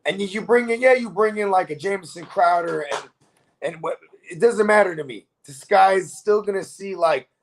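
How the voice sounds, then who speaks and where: Man, fantasy football co-host, high voice, casual and profane, rambling. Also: normal speed. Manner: loose, profane, keeps asking "you know what I mean". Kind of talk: casual live-stream sports chat.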